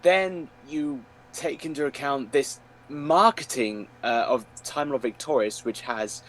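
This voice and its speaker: A man's voice: medium pitch, measured pace, fairly bright tone. A man chatting casually on a podcast, enthusiastic and often starting with hesitations. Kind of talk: casual chat.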